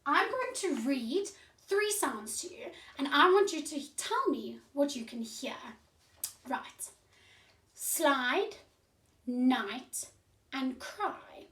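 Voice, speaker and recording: Woman, primary teacher, high lively voice, slow and clear, roomy distant sound. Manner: sing-song teacherly, sounds out letters. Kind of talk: slow, clear classroom phonics lesson.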